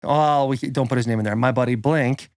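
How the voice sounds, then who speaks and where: Fast-talking man telling a rowdy story. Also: medium pitch, clean tone, no room sound, clean studio sound. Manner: rowdy, animated storyteller acting out quotes. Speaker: podcast co-host. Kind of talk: casual storytelling.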